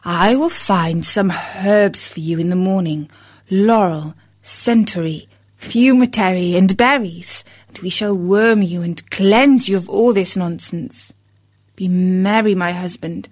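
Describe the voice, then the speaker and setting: A woman's voice: on the low side, a little mellow, dry recording, clean studio sound. A woman doing a fussy scolding hen. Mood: soothing. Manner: scolding, brisk. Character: fussy practical female hen wife.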